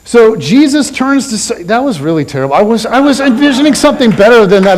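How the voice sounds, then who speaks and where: A man preaching a sermon as a pastor, telling a story with animated delivery and dropping low and soft for quoted lines. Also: fast, hardly any pauses, a little hiss or hum, low-quality recording. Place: church.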